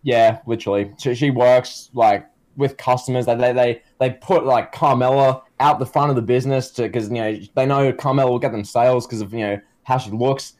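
A man's voice: medium pitch, steady tone, brisk, few pauses, darkish tone. A man co-hosting a casual comedy podcast. He rambles and jokes, with lots of fillers. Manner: rambling, filler-heavy, joking. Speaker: podcast co-host.

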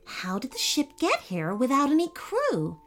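Woman voicing a soft, innocent young mermaid for a kids' story. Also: high-pitched, huge pitch swings, unhurried, faint music behind, full character voice. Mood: curious. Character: young curious mermaid girl.

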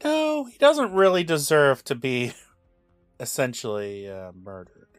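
A man's voice: medium pitch, huge pitch swings, takes it slowly, no echo, clean studio sound, faint music behind. A man co-hosting a podcast, chatting in a laid-back, hesitant way with lots of filler words. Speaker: podcast co-host. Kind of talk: casual chat.

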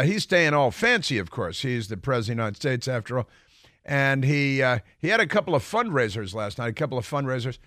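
A man's voice: medium pitch, fairly bright tone, no room sound. A man hosting a political talk radio show, rambling through a sarcastic, mocking monologue into a studio microphone.

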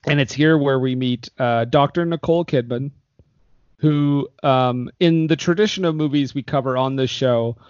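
A man hosting a podcast, recapping a movie in a lively, laughing way and acting out the characters' lines. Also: mid-range voice, moderate pace, dry recording. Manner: animated, acts out lines, laughs often. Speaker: podcast host recapping a film. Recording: dry, dull lo-fi sound.

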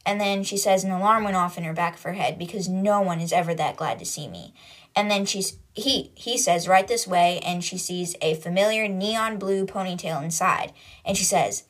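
A woman's voice: on the low side, normal speed. A woman hosting a book podcast, casually retelling the chapters in a chatty, loose way full of "like" and paraphrase.

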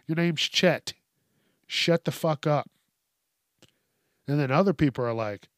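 A man's voice: fairly high pitch, slow, pauses often, no room sound, studio quality. A man hosting a comedic news show, ranting with heavy swearing and frequent laughter in a mocking tone. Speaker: host. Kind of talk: profane comedic news rant.

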